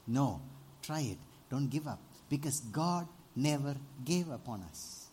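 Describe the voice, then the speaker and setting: A man preaching a sermon, animated, often asking the congregation for amens and rising to loud exclamations. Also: a little high, normal speed, breathy edge. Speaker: pastor.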